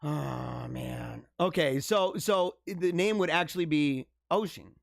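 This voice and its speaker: A man's voice: high-pitched, a little slow, no room sound, clean studio sound. A man hosting a casual livestream, reading news items aloud and joking about them in a rambling way. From United States. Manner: rambling, joking, chuckles often. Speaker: livestream host.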